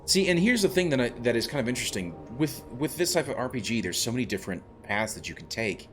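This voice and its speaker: A man's voice: medium pitch, animated, fast, a bit bright, faint music behind. A man streaming a video game, thinking aloud in a rambling, self-deprecating way. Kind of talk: casual gameplay commentary.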